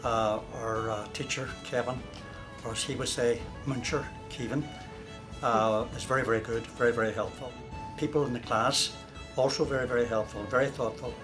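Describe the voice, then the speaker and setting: A man speaks earnestly as a learner in an adult class, often repeating his words. His voice sits at a middle pitch. Music plays clearly underneath. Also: steady tone, brisk.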